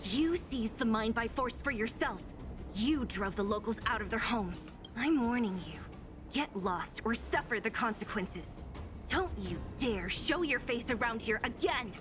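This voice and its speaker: A defiant young heroine from a video game, speaking bluntly and with confrontational force. Game music runs clearly beneath her slightly high voice. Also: animated, a little slow. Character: defiant young female hero, blunt and combative.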